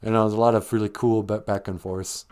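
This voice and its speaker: A man's voice: on the low side, little pitch movement, quick pace, a little mellow, smooth. A man hosting a live stream, retelling a film in a rambling, chatty way. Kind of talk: casual storytelling.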